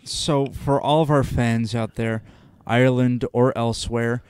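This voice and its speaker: A man's voice: mid-range voice, fairly even intonation, measured pace, a little mellow, clear, resonant tone. A man co-hosting a casual podcast, making dry, teasing asides. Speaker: podcast co-host. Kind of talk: casual chat.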